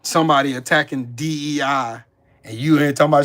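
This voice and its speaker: Heated guy ranting on his live stream, cussing out chat, kinda high sharp voice. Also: a little fast. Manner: profane, heated, talks back to chat. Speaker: livestream host. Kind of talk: angry live-stream rant.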